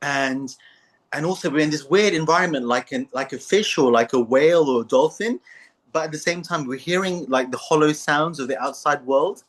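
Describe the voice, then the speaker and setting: A man's voice: on the high side, moderate pace. A man hosting a casual philosophical chat, talking in a playful way and putting on little voices when he tells stories. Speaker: podcast host.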